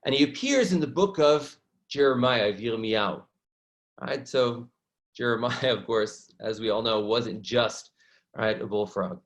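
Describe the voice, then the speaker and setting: A man teaching an online lesson from slides, animated and often checking in with listeners by asking "right?". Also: mid-range voice, a little slow. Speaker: educator.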